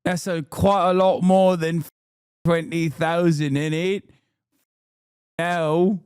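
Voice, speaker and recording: A man's voice: on the high side, level tone, takes it slowly, a little mellow, smooth, no echo, clean studio sound. A man hosting a livestream, reacting to a video with mocking, profane rants. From United States. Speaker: livestream host.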